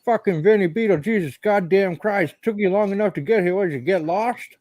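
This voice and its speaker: A man's voice: high-pitched, brisk, a little mellow, no echo, close to an everyday voice. A man voicing a brash, foul-mouthed male escapee in an adult cartoon, barking plans and insults. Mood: irritated. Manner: gruff, profane, commanding.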